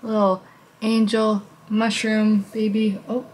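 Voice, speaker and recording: At a normal speed, a young woman vlogs casually from home, gushing and filling her speech with fillers while reading card captions out loud. She uses a high baby-talk voice for her pet, and a little hiss or hum sits under the audio.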